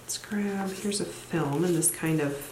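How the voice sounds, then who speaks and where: A woman who is a teacher and planner vlogger narrates a casual plan-with-me session while decorating, chatting as she thinks aloud and pokes fun at her own habits. Her slightly low voice is a little slow and rings in a roomy space with a faint hiss behind it.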